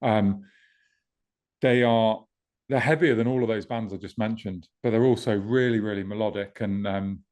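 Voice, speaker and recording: A man co-hosting a podcast, talking in a relaxed, easygoing way, filling gaps with ums and swearing casually. His voice is fairly low. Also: moderate pace. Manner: laid-back, swears casually, many ums. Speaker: podcast co-host, festival promoter. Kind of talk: casual chat.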